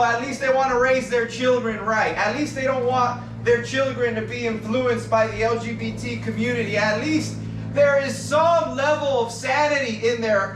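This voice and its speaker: A man with a very high voice preaches on the street, reading out verses and leaning hard on the key words. He sounds distant from the mic, with a roomy echo around him. Faint ambient noise sits behind his voice. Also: a bit bright. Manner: emphatic, stresses key words while reading scripture. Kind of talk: open-air preaching. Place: outdoors.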